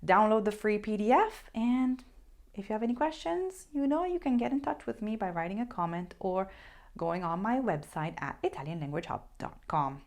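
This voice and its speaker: A woman teaching a language lesson, who stresses key points by repeating them and models words slowly and carefully for the learner. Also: medium pitch, expressive, darkish tone. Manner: slow, careful modeling of pronunciation.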